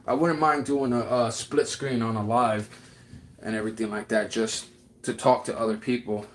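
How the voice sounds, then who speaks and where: A man's voice: medium pitch, steady tone, moderate pace, slight background noise. A man chatting casually on his livestream, rambling and affectionate, with lots of fillers as he answers viewers. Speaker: livestream host.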